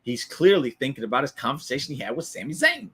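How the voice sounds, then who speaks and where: A man's voice: mid-range voice, big pitch swings, fast, a bit bright, husky. Opinionated man, chatty live recap host. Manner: opinionated, chatty, answers chat viewers by name. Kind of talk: casual live-stream commentary.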